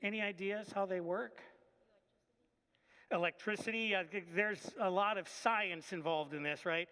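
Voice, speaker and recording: A man's voice: high voice, a little slow, pushed and bright, smooth. A man, a pastor, giving a children's message in church and asking the kids friendly questions as he speaks into a microphone. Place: church sanctuary. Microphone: handheld microphone. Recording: long reverb of a church hall.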